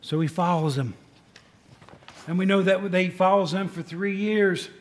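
A man's voice: sits high, fairly even intonation, a little slow. A man giving an informal sermon, chatty, asking the congregation questions and often restarting his sentences. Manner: conversational, asks the audience questions, restarts often. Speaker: preacher. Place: room with a tin roof in the rain.

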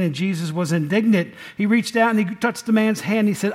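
A man's voice: high voice, fairly quick, few pauses. A man, preaching a folksy sermon and asking the congregation questions. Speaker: pastor.

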